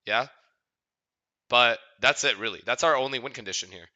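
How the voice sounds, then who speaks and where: A man streaming a watch party, chatting casually and getting excited. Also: mid-range voice, moderate pace. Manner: casual, excitable, checks his mic aloud.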